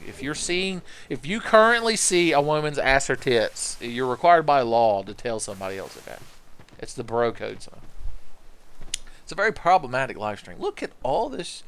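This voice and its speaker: A man giving casual commentary over his gameplay, riffing and cursing freely. His pitch swings widely as he jumps between loud outbursts and low asides. His voice sits in a middle register. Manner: joking, profane, excitable outbursts. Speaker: livestreamer playing a video game.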